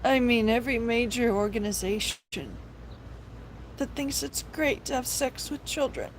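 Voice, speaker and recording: Young woman, live-stream host: earnest, preachy, pleading, slow-paced, fairly high voice. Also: slight background noise, poor audio. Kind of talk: impassioned religious vlog talk.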